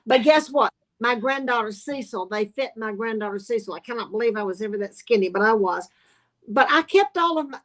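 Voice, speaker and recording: A woman, chatting in a folksy way and calling people honey and y'all. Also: on the high side. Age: 80s. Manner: warm folksy Southern talk, says y'all and honey. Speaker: sewing guest. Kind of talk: casual chat.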